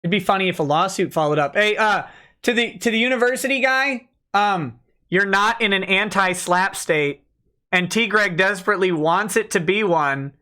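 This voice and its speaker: A man's voice: high-pitched, normal speed, sharp tone, smooth. A man hosting a casual livestream, joking and rambling while reading out chat messages. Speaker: livestream host, lawyer.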